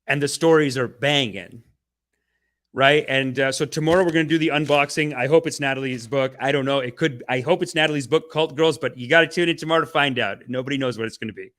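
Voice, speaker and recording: Speaking quickly at a medium pitch, this podcast host runs a livestream full of energetic slang and tongue-in-cheek mock-spiritual preaching, with big jumps in volume.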